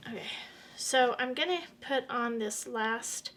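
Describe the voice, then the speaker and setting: Woman hosting a home craft tutorial; friendly and talkative, a touch high-pitched, with faint background hiss. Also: measured pace, fairly bright tone. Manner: friendly, chatty, explains as she works. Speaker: quilting channel host. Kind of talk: casual step-by-step sewing tutorial.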